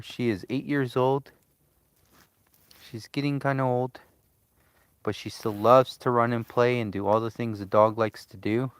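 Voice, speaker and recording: A man's voice: lowish voice, moderate pace. A man vlogging outdoors by a campfire at a remote cabin, talking in an easygoing, chatty way to his dog and to viewers. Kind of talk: casual live-stream chat.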